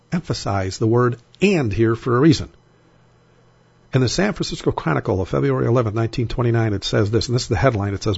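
A man teaching Bible prophecy in a recorded sermon, talking conversationally and slowing down to stress the scripture he reads. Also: mid-range voice, vocal fry, husky, no echo, lo-fi sound.

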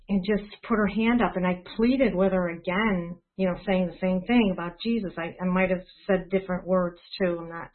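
A woman's voice: fairly low pitch, steady tone, unhurried. A woman sharing a church testimony in a casual, hesitant way, full of restarts and fillers. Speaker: church member sharing praises. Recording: phone-line audio.

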